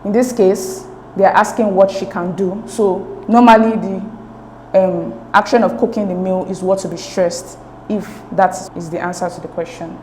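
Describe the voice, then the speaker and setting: A woman's voice: medium pitch, steady tone, normal speed, a little mellow, reverberant, a little hiss or hum, poor audio. A woman tutoring an English exam lesson, explaining each answer step by step and checking in with "okay?" as she goes. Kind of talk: recorded exam-prep lesson.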